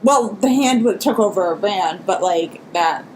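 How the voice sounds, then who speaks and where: A woman's voice: medium pitch, lively intonation, unhurried, a little mellow, a little hiss or hum, poor audio. A woman co-hosting a casual fan commentary, tossing in short, dry remarks. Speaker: podcast co-host.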